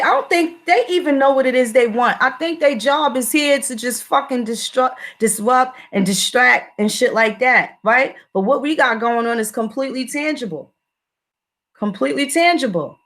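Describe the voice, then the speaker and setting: A woman's voice: high voice, a bit bright. A woman giving a profane, repetitive livestream commentary, speaking in a confrontational way.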